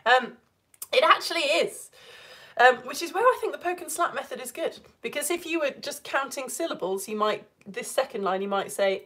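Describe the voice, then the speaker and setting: A woman teacher from the United Kingdom gives a live online lesson. Her voice sits a little high, and she chats and laughs easily. She slows right down whenever she reads lines of verse aloud. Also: expressive, fairly bright tone, breathy edge. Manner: chatty, laughs often, reads verse slowly.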